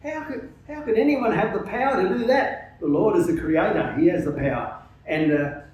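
A man preaching a sermon in a hall, earnest and emphatic, often pausing with "uh". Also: sits high, darkish tone, lo-fi sound. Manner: earnest, emphatic, with frequent hesitations. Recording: very echoey hall, distant mic, faint noise.

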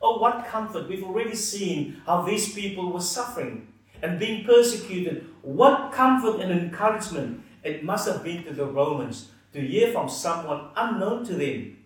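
A man preaching a sermon, earnest and emphatic, letting his phrases fall soft at the ends. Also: sits high, lively intonation, moderate pace. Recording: echoey hall, mic at a distance.

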